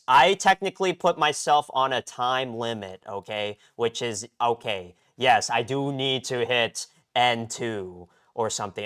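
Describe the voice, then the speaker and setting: A young man from the United States rambles through a casual stream chat, stopping and restarting his sentences and tagging them with quick checks to his listeners. His voice is smooth and clean, sitting at an ordinary middle pitch for a man. He is talking from his home garage. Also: fairly bright tone. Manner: rambling, repeats "okay?" and restarts often.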